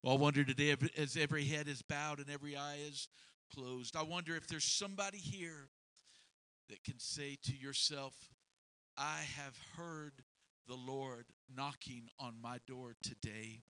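A man pastor gently leading an altar call at the close of a service, in a slow and coaxing way. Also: on the high side, no echo, poor audio. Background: soft instrumental music.

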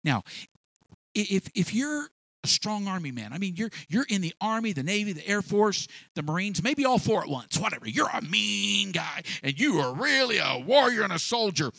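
A male preacher giving a sermon, retelling a story in an animated way with many restarts and repeated words. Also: sits high, moderate pace, vocal fry, dry recording.

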